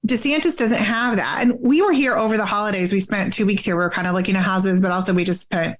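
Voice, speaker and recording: A woman's voice: mid-range voice, fast. An American woman speaking as a guest in a casual political chat, frank and candid, with casual fillers and the odd curse word. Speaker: podcast guest, activist.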